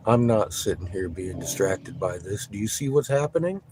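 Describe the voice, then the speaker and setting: A man's voice: animated, normal speed, few pauses, breathy edge. Profane ranting middle-aged man. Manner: swings between low muttering and loud profane ranting; heavy swearing, blunt and combative. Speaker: livestreamer. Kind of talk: profane livestream rant.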